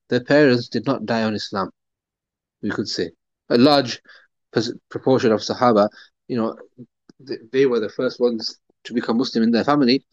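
A man's voice: medium pitch, no echo. Guy giving a quran lesson, chatty with lots of ums, muffled dry sound. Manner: conversational, many fillers and restarts. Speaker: religious teacher. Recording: dull, dry recording.

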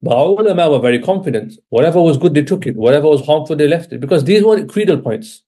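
A man's voice: a little high, animated, fast, dark tone, breathy edge. A man giving an informal religious lecture, talking conversationally and often checking in with his listeners. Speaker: Islamic religious teacher. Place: Britain.

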